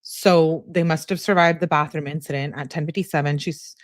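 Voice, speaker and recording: A woman's voice: low-pitched, steady tone, a little fast, dry recording, studio quality. A young woman on a live stream reading text messages aloud, often laughing and breaking off with incredulous asides to her viewers.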